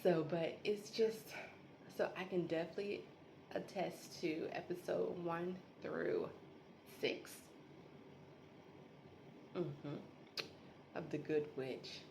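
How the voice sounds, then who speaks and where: A woman's voice: on the low side, fairly even intonation, slow, creaky, long pauses, background noise. A woman hosting a casual solo podcast from home, rambling, laughing often and talking to listeners as y'all. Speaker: podcast host.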